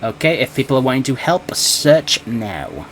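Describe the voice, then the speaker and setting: A man hosting a live game stream with casual chat, talking in a halting, nervous way with many restarts. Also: medium pitch, big pitch swings, a bit bright, slight background noise.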